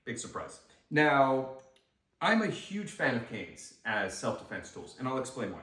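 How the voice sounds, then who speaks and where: Male martial arts instructor, mid-pitched, upbeat and demonstrative, recorded off-mic in an echoey room. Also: very animated, measured pace, a bit bright. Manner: enthusiastic, talks while demonstrating moves. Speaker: self-defense instructor and host. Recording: roomy echo, mic some distance away.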